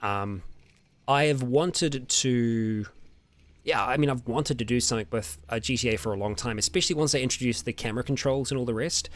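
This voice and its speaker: A young man with an Australian or New Zealand accent, hosting a casual question-and-answer chat with his viewers, relaxed and rambling with lots of ums and small laughs. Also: medium pitch, a little fast, no echo. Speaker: roleplay channel host answering viewer questions.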